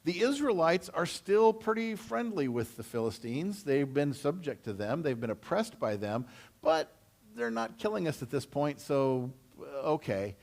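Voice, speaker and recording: A man's voice: a little high, very animated, measured pace, vocal fry, a little mellow. A man, a pastor, preaching a sermon in a conversational storytelling manner and acting out the characters' voices. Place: church sanctuary.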